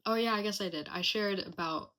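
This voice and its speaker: A woman's voice: medium pitch, fairly quick, pushed and bright. A young woman hosting a casual personal podcast, talking candidly and reflectively with lots of chatty fillers. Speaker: podcast host.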